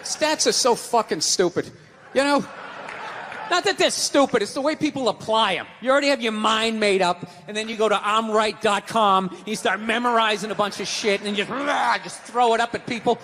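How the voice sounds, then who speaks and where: A man's voice: high-pitched, a little fast, fairly bright tone. A male stand-up comedian ranting in an exasperated, profane way during a live set. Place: comedy venue stage. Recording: stage mic with long hall reverb, faint room noise.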